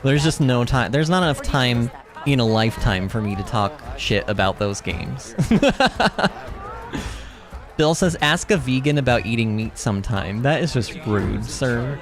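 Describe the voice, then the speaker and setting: A man hosting a gaming livestream, chatting in a rambling, animated way, reading chat and laughing often. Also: medium pitch, a little slow. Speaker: livestream host. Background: game music.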